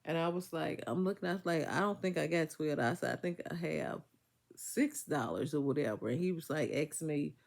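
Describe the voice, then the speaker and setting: Woman vlogger, fry in the voice, casual and emphatic, a bit under the weather. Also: deep voice, fairly quick, a little mellow. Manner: chatty, emphatic, Southern US vernacular speech. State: congested, recovering from illness. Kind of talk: casual storytelling to viewers.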